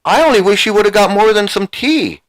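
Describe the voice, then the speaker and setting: A man's voice: high-pitched, animated, fairly quick, rough recording. A man in his sixties telling a story in a rambling, casual way, full of restarts and repeated words, with the odd swear. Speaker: vlogger recounting his past.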